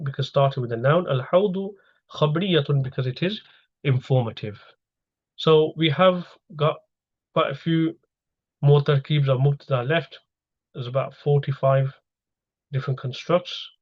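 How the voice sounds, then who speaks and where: A man's voice: medium pitch, dull audio. A man teaching an online grammar lesson over slides, explaining step by step and asking his students questions.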